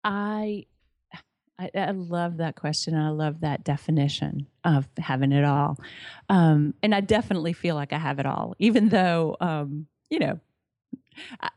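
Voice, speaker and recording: A woman's voice: low voice, a little slow, a little mellow, no echo, clean studio sound. A middle-aged woman, a podcast guest, chatting enthusiastically and often restarting her sentences. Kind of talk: casual interview chat.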